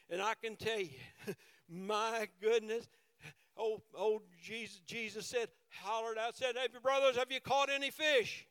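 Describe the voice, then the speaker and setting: A middle-aged man delivers a fervent sermon, circling back on his phrases and breaking into praise. His voice sits high and sounds smooth and resonant. The recording is dry and close, with little room sound. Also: no room sound. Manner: fervent, repetitive, with exclamations of praise. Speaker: preacher.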